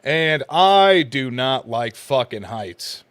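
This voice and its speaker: A man's voice: medium pitch, lively intonation, takes it slowly, a bit bright, no echo. A man telling a long profane story in casual podcast chat, rambling and crude. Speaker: co-host.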